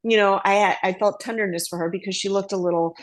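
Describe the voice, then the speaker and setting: A woman's voice: medium pitch, fairly even intonation, fast talker. A woman in an online group class telling a personal story at length, rambling, with many fillers and asides. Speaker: class participant.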